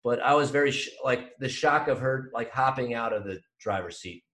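A man's voice: mid-range voice, moderate pace. Man telling stories in an echoey room. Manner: animated storytelling, swearing. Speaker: podcast co-host. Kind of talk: casual chat.

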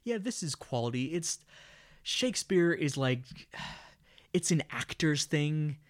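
A man's voice: fairly high pitch, lively intonation, takes it slowly. A man co-hosting a casual movie podcast, recapping a film with sardonic, exasperated, profane commentary. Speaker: podcast co-host. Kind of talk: casual movie review chat.

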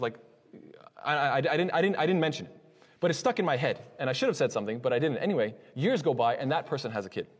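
A man teaches a religious lesson, telling a story and acting out both sides of the dialogue. His voice is somewhat high, husky and quick. He rises and falls a lot in pitch, and his words trail off into long hall reverb. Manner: animated storytelling, acts out dialogue; frequent restarts and Islamic phrases. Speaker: Islamic lecturer. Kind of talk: religious lesson with personal anecdote.

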